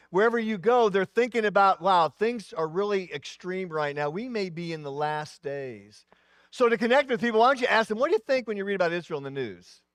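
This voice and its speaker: A man in his sixties, a pastor giving a sermon in an animated preaching style, his voice rising and dropping, with asides. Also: high voice, dry recording, clean studio sound.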